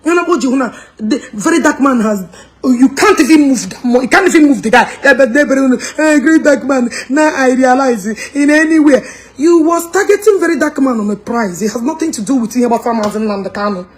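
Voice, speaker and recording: Her voice is high-pitched and fairly quick. This social media commentator, who has a Nigerian Igbo accent, launches into a heated, mocking rant, switching between English and Igbo and laughing with contempt.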